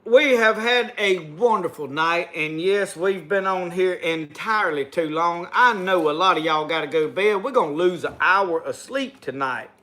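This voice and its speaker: Man, Southern US accent, high voice, folksy livestream host. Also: animated, normal speed, few pauses, pushed and bright. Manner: folksy drawl, closes with spoken prayer. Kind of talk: casual livestream chat.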